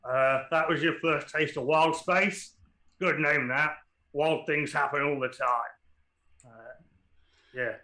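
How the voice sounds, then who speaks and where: A man's voice: on the high side, steady tone, slow pace, long pauses, sharp tone. A man narrating and running a tabletop game as game master, casual and often laughing. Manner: casual, laughing, loose with fillers.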